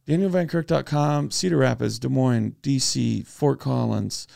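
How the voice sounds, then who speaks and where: A man's voice: medium pitch, a little slow, creaky, darkish tone. A man co-hosting a comedy podcast, chatting casually and rambling through anecdotes with acted-out voices. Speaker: podcast co-host.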